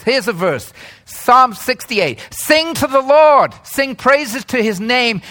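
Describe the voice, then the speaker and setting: Man, preacher, sermon, slow delivery, animated, jokey, loud callouts. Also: sits high. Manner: animated, jokey, calls out words loudly.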